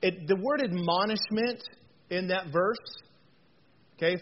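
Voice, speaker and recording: A man with a high voice delivers a relaxed, conversational sermon. He talks in a chatty, animated way and keeps asking the room questions. The recording sounds dull and lo-fi, with a faint hiss under it. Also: unhurried, pauses often. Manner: chatty and animated, with frequent fillers and rhetorical questions. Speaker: pastor.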